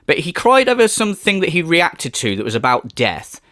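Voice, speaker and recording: A man's voice: on the high side, huge pitch swings, fairly quick, pushed and bright, no room sound, studio quality. A man co-hosting a stream, mocking a clip with profane, sneering commentary. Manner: sneering, profane, mocks with exaggerated impressions. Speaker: stream co-host.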